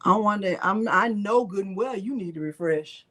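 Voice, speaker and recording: A woman's voice: mid-range voice, moderate pace, fairly bright tone. Chatty woman hosting a live craft stream. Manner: chatty, narrates her clicks aloud and answers live chat; talks to herself under her breath at times. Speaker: craft channel host. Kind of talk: casual live crafting tutorial.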